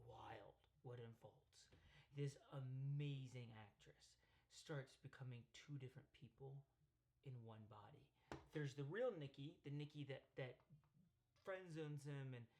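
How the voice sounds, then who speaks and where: A man hosting a casual movie breakdown, excitable and rambling, with many fillers, restarts and bursts of swearing for emphasis. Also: medium pitch, a little hiss or hum. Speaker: host.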